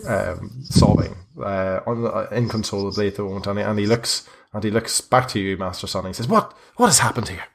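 A man's voice: fairly low pitch, fairly even intonation, brisk, vocal fry, few pauses. A man narrating a tabletop game as game master, with hesitant restarts.

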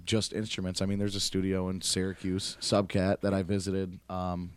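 A man's voice: deep voice, monotone, normal speed, clear, resonant tone, no room sound. A man talking as a guest musician in a casual interview. He speaks earnestly and eagerly, often restarting his sentences. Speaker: musician guest, band member.

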